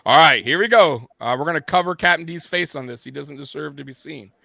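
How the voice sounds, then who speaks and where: A man's voice: fairly high pitch, lively intonation, brisk, gravelly, pushed and bright, dry recording. A man hosting a sports show, ranting bluntly and with heavy profanity, like a fired-up fan. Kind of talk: casual sports rant.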